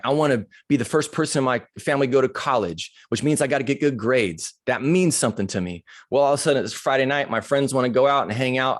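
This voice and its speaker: A man's voice: mid-range voice, no room sound, clean studio sound. A man giving a motivational talk, telling personal stories in a casual, candid and humorous way. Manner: casual, conversational, acts out dialogue in stories. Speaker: motivational speaker.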